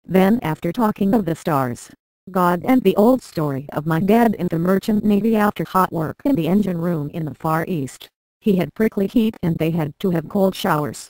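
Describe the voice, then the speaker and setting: Low, dry synthetic female narrator voice. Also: no echo, poor audio. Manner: flat synthetic reading with odd word stresses. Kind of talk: text-to-speech narration of a memoir.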